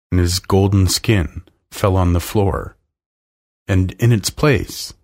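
A man reading a children's storybook aloud in a calm, measured way. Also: low voice. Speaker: narrator.

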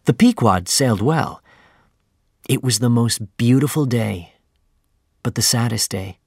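A male narrator reads a story at an unhurried, measured pace. His voice carries a gravelly edge and sounds dry and close to the mic. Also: medium pitch, expressive, a little mellow, no echo. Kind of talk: scripted audiobook narration.

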